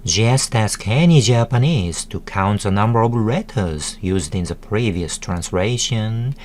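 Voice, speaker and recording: A man giving a scripted tutorial narration, deliberately sounding out words one syllable at a time. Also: on the low side, expressive, a little mellow, slight background noise.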